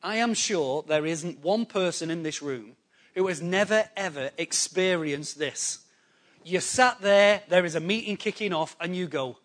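High-voiced animated male preacher. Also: a little slow. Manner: animated, acts out excuses in quoted voices, conversational asides. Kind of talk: sermon. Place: church hall before a congregation.

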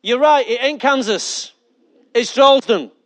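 A male pastor, preaching a sermon with lively rhetorical questions and jokey asides to his church. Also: extremely high pitch, unhurried.

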